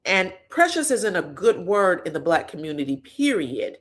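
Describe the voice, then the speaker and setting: This pop culture commentator has a lowish, sing-song voice at a normal pace. Her chatty hosting style has her retelling reality show drama with plenty of profanity and blunt slang.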